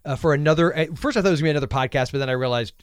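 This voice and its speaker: A man's voice: fairly high pitch, rapid-fire, clear, resonant tone, dry recording. A man hosting a podcast, chatting casually and rambling with jokes as he thinks aloud. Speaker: podcast host. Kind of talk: casual chat.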